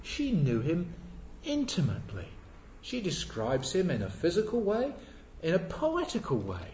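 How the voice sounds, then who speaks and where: A man's voice: sits high, huge pitch swings, unhurried, darkish tone, a little hiss or hum. A man preaching a sermon earnestly, asking rhetorical questions and repeating key words for emphasis. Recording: echoey, dull lo-fi church recording.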